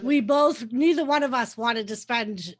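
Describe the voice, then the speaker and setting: Speaking a little slowly, a high-pitched woman tells a story in relaxed chat. She laughs often and slips into little acted-out quotes along the way.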